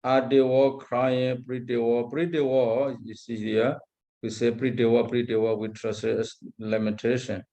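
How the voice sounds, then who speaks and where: A man teaching as a Buddhist monk, lecturing on a Pali text, repeating terms and pausing often. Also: medium pitch, flat delivery, mellow. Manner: slow, repeats Pali terms, frequent hesitations.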